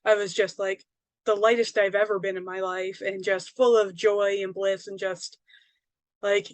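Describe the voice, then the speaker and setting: A woman's voice: mid-range voice, little pitch movement, moderate pace, no room sound. A woman, a psychic medium and author, telling a personal story in a casual, rambling way, full of fillers and tag questions.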